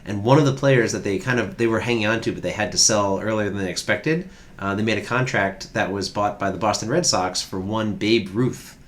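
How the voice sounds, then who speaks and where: Casting: a low-pitched man hosting trivia, relaxed and rambling. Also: fairly quick. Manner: rambling, researched storytelling with fillers. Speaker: podcast co-host presenting trivia. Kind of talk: casual trivia chat.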